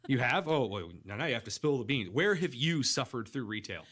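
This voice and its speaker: A young man hosting a radio talk show, telling funny stories with lively shifts of voice. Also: fairly quick. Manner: animated storyteller, jumps pitch for quoted voices. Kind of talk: casual radio chat.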